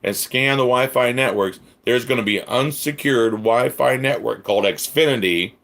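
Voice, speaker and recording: A man's voice: mid-range voice, normal speed, creaky, fairly bright tone. A man hosting a livestream, ranting furiously with heavy swearing and sarcastic mock voices, then reading the chat. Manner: stammering restarts. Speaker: livestream host.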